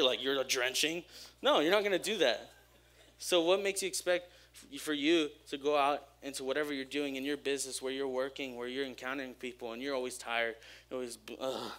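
Young man, bright voice, casual church sermon, lively and joking, open and personal. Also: mid-range voice. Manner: energetic, joking, openly personal. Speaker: church speaker. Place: church service.

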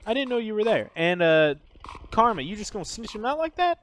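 Loud, cussing man yelling taunts. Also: sits high, very animated, a little fast, a little hiss or hum. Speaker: gamer streamer. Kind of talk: trash-talking in game voice chat.

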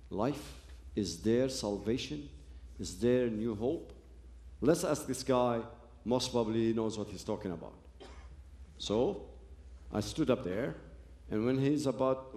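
A man's voice: mid-range voice, darkish tone, echoey room. Man telling his story. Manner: earnest storytelling with broken phrases and restarts. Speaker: speaker giving a personal testimony. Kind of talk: personal testimony to an audience.

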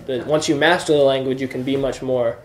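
A man's voice: mid-range voice, fairly even intonation, fairly quick. A man teaching a classroom lesson, explaining patiently and checking that students follow. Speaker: Greek teacher. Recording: echoey room.

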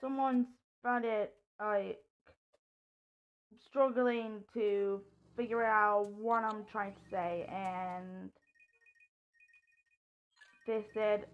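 A woman vlogger commenting on a mobile game and telling a personal story, hesitant with many ums and sudden excited outbursts. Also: mid-range voice, very slow, long pauses. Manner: hesitant, lots of ums and restarts; excitable outbursts during play. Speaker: gaming vlogger.

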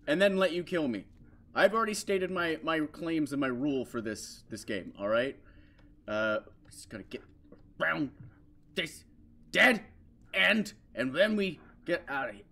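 A man's voice: mid-range voice, sing-song, moderate pace, pushed and bright, slight background noise. A man commentating a horror game as he plays, jumpy and muttering to himself, breaking into shrieks when scared. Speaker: gaming channel host.

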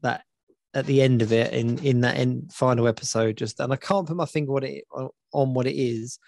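A man's voice: mid-range voice, steady tone, fairly quick, gravelly, darkish tone, dry recording. A man co-hosting a casual podcast chat, rambling and repeating himself as he searches for words. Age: adult with children. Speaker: podcast co-host.

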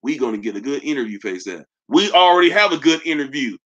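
Reading viewer comments on his live sneaker stream, a young man jokes around in slang and roasts the audience. He's a fast talker with a sing-song, fairly bright mid-range voice, though the audio is dull.

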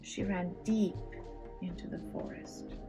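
A woman reading a children's storybook aloud, pausing for gentle asides to young listeners. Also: medium pitch, fairly even intonation, over music. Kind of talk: children's read-aloud narration.

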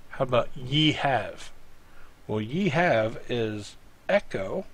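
A man's voice: mid-range voice, expressive, takes it slowly, a bit bright. A man teaching a language lesson while typing at his computer, patiently talking the student through each step. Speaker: Greek teacher. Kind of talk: screen-recorded tutorial lesson.

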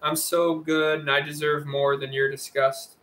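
A desperate, lonely woman begs in tears, read by a male narrator in his own register. The voice is bright and fairly high for a man, with little rise and fall. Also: level tone, measured pace, a little hiss or hum. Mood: pleading. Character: lonely, distraught woman, tearful and pleading. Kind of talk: audiobook reading.

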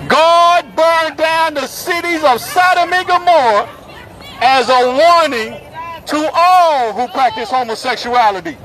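A man with a strikingly high voice preaches out in the open on a busy street, forceful and repetitive as he calls out the passersby. Chatter from the crowd and passing traffic press in around him. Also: a little slow, poor audio. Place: busy city street outdoors. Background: crowd chatter and passing vehicles.

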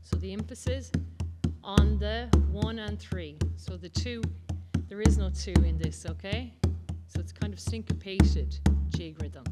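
A woman's voice: mid-range voice, unhurried, over loud music. A woman with an Irish accent teaching the bodhrán, patiently explaining and counting the beats aloud. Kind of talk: music lesson demonstration. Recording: loud drumming behind the voice.

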